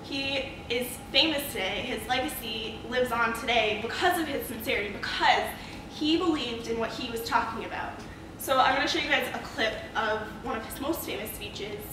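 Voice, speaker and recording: A young woman giving a speech to her class, asking her listeners rhetorical questions in a lively way. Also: a little high, moderate pace. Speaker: student speaker. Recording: echoey room, far from mic, noisy.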